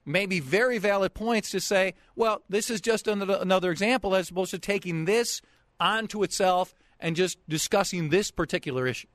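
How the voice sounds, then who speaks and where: High-voiced radio host, dry studio sound. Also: male voice, a bit bright, dry recording. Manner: measured, interjecting, halting restarts. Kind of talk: call-in radio debate. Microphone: studio microphone.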